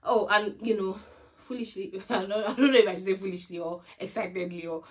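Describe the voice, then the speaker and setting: A woman's voice: mid-range voice, brisk. A woman from Nigeria with a Nigerian accent, telling a personal story in a storytime vlog and acting out the dialogue. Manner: animated storytelling that acts out remembered dialogue. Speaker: vlogger.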